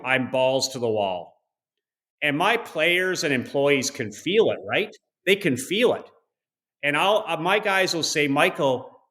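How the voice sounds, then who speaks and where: A man's voice: fairly high pitch, pushed and bright. A man in his forties, a podcast guest telling motivational stories in a blunt, emphatic way, swearing freely. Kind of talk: motivational storytelling.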